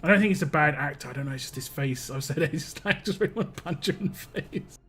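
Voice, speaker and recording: A rambling British man hosting a live game stream, his voice sitting a little high for a man. He chats casually with viewers, often breaking off and restarting his sentences. Faint keyboard clatter and a light hiss sit behind him. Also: fast, fairly bright tone. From United Kingdom. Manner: rambling, self-interrupting, chatty with viewers. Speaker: live-stream gaming host. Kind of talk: casual chat while playing a game.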